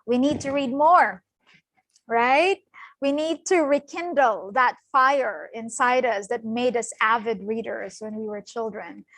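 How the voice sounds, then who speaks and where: A woman's voice: high voice, no echo, rough recording. A middle-aged woman giving an online guest lecture, encouraging and laughing often, speaking over a video call. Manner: warm encouraging, laughs often, fillers like "you know". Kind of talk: online lecture with volunteer readings.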